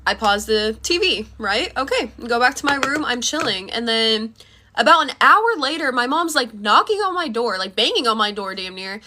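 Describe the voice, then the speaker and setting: A young woman tells a story in a casual, chatty way, packing her talk with fillers and swearing freely. Her voice sits a little high and rings sharp and bright. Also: lively intonation, normal speed, slight background noise.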